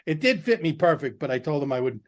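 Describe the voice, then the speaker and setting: A man's voice: a little high, sing-song, quick pace. Frank, rambling comedian man. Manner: rambling, frank, salty storyteller. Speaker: stand-up comedian. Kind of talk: casual anecdote chat.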